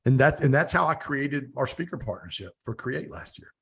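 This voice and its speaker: A man's voice: medium pitch, normal speed, gravelly, husky. A middle-aged man, a podcast guest, telling stories in a casual interview and acting out the dialogue. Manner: animated storyteller, acts out quoted dialogue.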